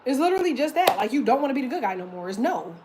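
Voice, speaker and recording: A woman giving a casual tarot reading, blunt and profane, talking in emphatic, lively rants. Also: high voice, racing, background noise. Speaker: tarot reader.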